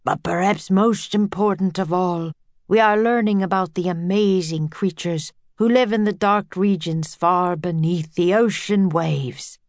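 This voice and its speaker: A woman's voice: on the low side, measured pace, darkish tone, no echo. Woman doing a jolly old professor, portly, lecturing, dry close voice. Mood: jovial lecturing. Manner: lecturing, pompous yet twinkly. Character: portly jovial older male professor.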